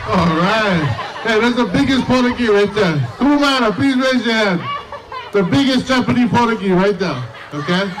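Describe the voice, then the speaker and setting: A man emceeing a school assembly, telling a long joke to students in a chatty way. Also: high voice. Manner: chatty, many fillers, loud shouts to the crowd. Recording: distant mic, crowd noise.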